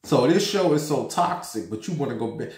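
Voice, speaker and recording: Sassy, campy, and profane, this New York gossip vlogger casually dishes on celebrities in his own vlog. He talks briskly in a mid-range, expressive voice that's a little mellow, recorded in an echoey, roomy home room.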